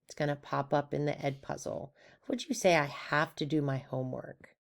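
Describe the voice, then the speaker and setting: A woman's voice: sits low, moderate pace, gravelly. A woman teaching a recorded Spanish lesson in an upbeat, playful way, asking questions and answering them herself.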